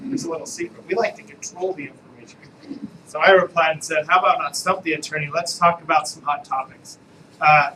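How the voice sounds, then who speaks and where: A man's voice: fairly high pitch, background noise. A man, an attorney, giving a casual, joking live training talk to real estate agents and asking the room questions.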